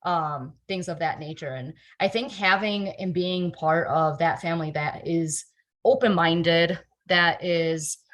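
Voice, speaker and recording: A young adult woman telling her life story in a relaxed interview, lively and full of fillers and repeats. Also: on the low side, unhurried. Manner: animated, many fillers and repeated words. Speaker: guest. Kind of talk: conversational storytelling.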